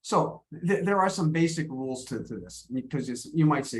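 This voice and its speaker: A man's voice: fairly high pitch, expressive, fairly quick. Man teaching on a video call. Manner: friendly, repeats words and restarts often. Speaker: English pronunciation teacher. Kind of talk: live online lesson.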